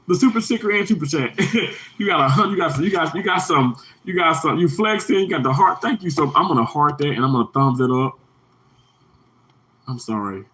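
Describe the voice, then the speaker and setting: With poor audio, an animated man speaks briskly in a pushed, bright voice while hosting an emotional livestream. His talk to viewers is heartfelt and rambling, repetitive, and his pitch leaps high when he's emphatic.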